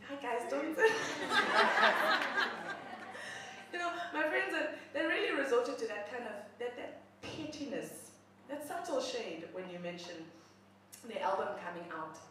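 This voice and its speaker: A woman's voice: a little high, moderate pace, very noisy. A young woman telling a comic personal story, self-mocking and laughing as she talks. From South Africa. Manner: animated, self-mocking, laughs while talking. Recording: very echoey room, mic far off.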